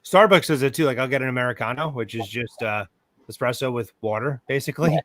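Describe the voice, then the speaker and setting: A man's voice: medium pitch, fast, a bit bright, dry recording. A man from New York co-hosting a music podcast, telling wry, rambling stories in casual chat. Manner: wry, rambling anecdotes with mild cursing. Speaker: podcast co-host.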